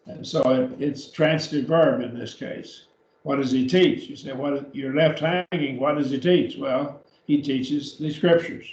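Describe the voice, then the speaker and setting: A man teaching a classroom grammar lesson, speaking slowly with many fillers, restarts and repeated words. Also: fairly high pitch, steady tone, darkish tone. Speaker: Greek teacher. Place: church classroom. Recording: dull, roomy classroom recording.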